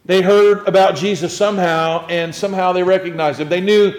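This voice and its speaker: A man preaching a sermon as pastor, earnest and restarting often, swinging between hushed and loud. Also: sits high, steady tone, fairly quick, reverberant.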